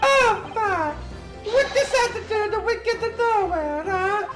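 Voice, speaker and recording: A man voicing a petulant Italian male swindler in a squeaky falsetto, reading a visual novel aloud. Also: lively intonation, takes it slowly, reverberant, over loud music, exaggerated voice. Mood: sulky.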